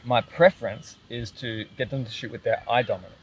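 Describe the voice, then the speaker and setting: A man's voice: mid-range voice, brisk, poor audio. Man, archery coach, casual live Q&A, chatty, explanatory, background noise. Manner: chatty, explains step by step, jokes around. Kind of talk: casual live-stream Q&A chat.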